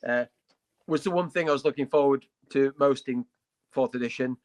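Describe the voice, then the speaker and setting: A man's voice: mid-range voice, normal speed. Jokey, blunt podcast co-host man. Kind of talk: casual hobby podcast chat.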